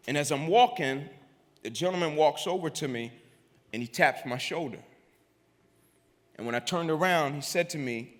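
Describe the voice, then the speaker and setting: A man giving a motivational keynote, telling his story dramatically and using repetition to build tension, with sudden drops to a hush. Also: a little high, moderate pace, pauses often. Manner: builds intensity with repetition, swings between loud and hushed. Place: large event venue on stage. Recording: long reverb of a big live hall.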